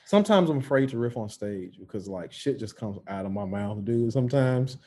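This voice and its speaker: A man stand-up comedian telling stories in casual podcast chat, animated and full of swearing. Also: fairly low pitch, brisk. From Chicago area. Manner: profane, animated storyteller.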